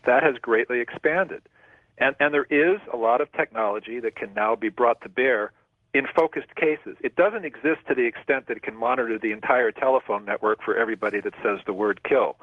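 A man speaking as a guest expert on a radio show, explaining in a measured way and often stumbling over his first words. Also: mid-range voice, dry recording. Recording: phone line.

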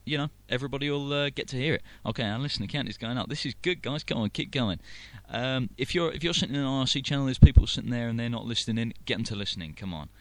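A man's voice: mid-range voice, fast talker, few pauses, fairly bright tone. A man with a London accent hosting a live internet radio show, rambling through announcements with many fillers and restarts. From London, England. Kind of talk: casual live radio chat.

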